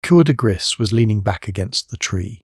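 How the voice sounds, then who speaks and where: Low-voiced man narrating an audiobook. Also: lively intonation, moderate pace, breathy edge, no room sound, studio quality. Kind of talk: scripted narration.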